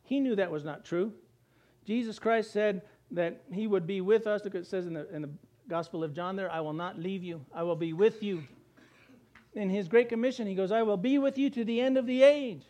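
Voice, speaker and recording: A man's voice: sits high, normal speed, warm tone. A man preaching a conversational sermon, breaking into acted-out voices and chuckles. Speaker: pastor.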